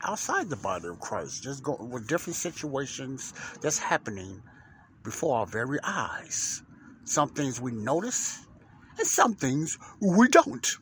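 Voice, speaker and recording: A man's voice: medium pitch, a little hiss or hum. A man hosting a casual podcast monologue as a minister, rambling and repeating himself, with religious asides, speaking from inside a parked truck at work. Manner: rambling and repetitive, with many fillers and restarts; folksy and religious, often saying "Lord's willing".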